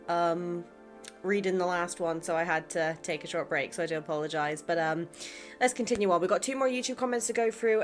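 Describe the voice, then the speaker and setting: A woman from England with a West Country accent touched by American, chatting casually and rambling as she reads out viewer comments on her gaming channel. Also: fairly low pitch. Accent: English West Country with some American. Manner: chatty, rambling, self-doubting. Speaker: gaming YouTuber.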